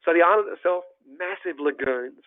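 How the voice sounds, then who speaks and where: A man's voice: fairly high pitch, moderate pace, dry recording. A man giving an enthusiastic, descriptive virtual travel presentation. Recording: tinny phone-like dry line.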